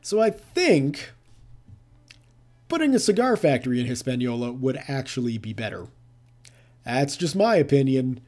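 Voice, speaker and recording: A man's voice: medium pitch, very animated, normal speed, long pauses, darkish tone. A man giving casual let's-play commentary, thinking aloud with playful asides. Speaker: gameplay commentator.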